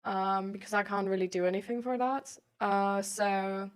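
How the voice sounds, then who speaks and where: A woman's voice: mid-range voice, fairly even intonation, normal speed, clear, resonant tone. Young woman, streamer, casual chat, rambling, filler-heavy talk. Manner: rambling, fills every phrase with "like" and "um". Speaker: streamer answering chat questions.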